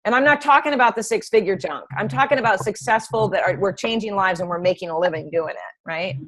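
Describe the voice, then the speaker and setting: A middle-aged woman training health coaches in a casual call, chatty and animated, telling anecdotes. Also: mid-range voice, quick pace, rough recording.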